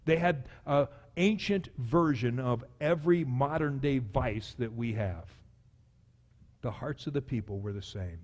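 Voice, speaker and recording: Guy pastor preaching, animated, voice jumps around when he acts stuff out, big echoey hall. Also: medium pitch, measured pace. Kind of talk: sermon. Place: church sanctuary. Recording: long church hall reverb.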